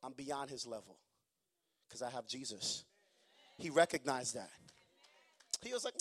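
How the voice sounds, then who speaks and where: A man with a Haitian accent preaching a sermon, moving between calm storytelling and shouted emphasis. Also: mid-range voice, unhurried, pauses often, breathy edge.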